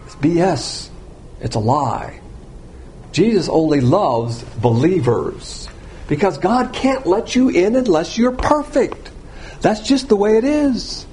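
A man preaching a sermon, blunt and provocative, swinging between loud emphasis and quiet asides. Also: sits high, expressive, slow, a little hiss or hum.

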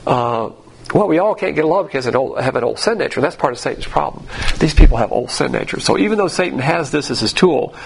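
A man delivers a sermon in a gravelly, husky voice that sits a little high for a man. He is emphatic and sarcastic, mocking the views he quotes. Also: lively intonation, fast talker. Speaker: Bible teacher.

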